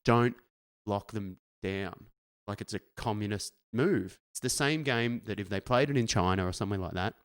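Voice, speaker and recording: A man's voice: on the low side, normal speed, smooth, dry recording. A man, co-hosting a casual podcast and ranting bluntly with lots of swearing. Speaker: podcast co-host. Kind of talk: casual chat.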